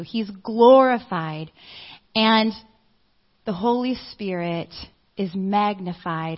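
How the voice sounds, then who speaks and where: A middle-aged woman preaching, telling a personal story in an animated way and acting out the people she quotes. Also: lowish voice. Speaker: church speaker. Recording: dull lo-fi audio.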